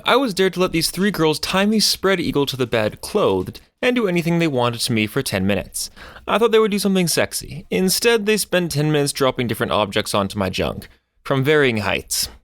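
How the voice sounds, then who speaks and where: A man narrating online stories aloud as a scripted reading. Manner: animated storytelling with swinging pitch.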